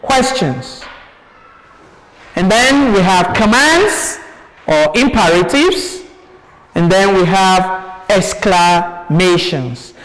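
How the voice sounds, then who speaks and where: A man's voice: sits high, animated, fairly bright tone. A Nigerian man teaching a primary school English lesson, asking questions and then answering them himself. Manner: slow, drawn-out teacherly delivery. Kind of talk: classroom lesson. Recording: hall reverb.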